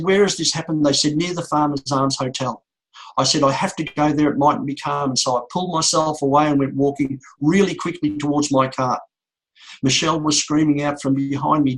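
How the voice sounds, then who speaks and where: Husky man giving an emotional talk. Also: on the high side, fairly even intonation, poor audio. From Australia. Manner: slow, repetitive storytelling with emphatic pauses. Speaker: motivational speaker. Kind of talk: emotional speech to an audience.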